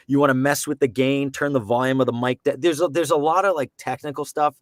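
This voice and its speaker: A man who works as a professional voice actor, answering interview questions in casual, animated, rambling explanations with frequent restarts. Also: medium pitch, fast, no room sound, clean studio sound.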